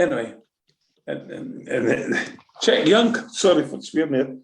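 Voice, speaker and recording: Scottish ex-manager, gravelly, animated storyteller, roomy sound. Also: male voice, on the high side, a little slow, slight background noise. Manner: lively anecdotal, acts out quotes, swears. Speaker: former football manager. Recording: roomy echo.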